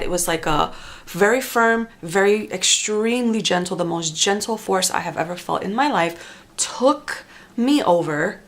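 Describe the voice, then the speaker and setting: A woman telling a dramatic first-person story to the camera, halting often with repeats and restarts. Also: lowish voice, a bit bright. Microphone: facing the camera.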